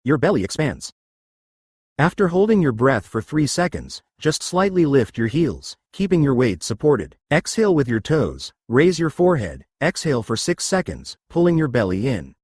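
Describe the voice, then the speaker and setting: Husky man coaching breathing drills. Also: medium pitch, sing-song, normal speed, a little mellow, dry recording, clean studio sound. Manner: coaching, giving step-by-step commands. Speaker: exercise and breathing instructor. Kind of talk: guided exercise instruction.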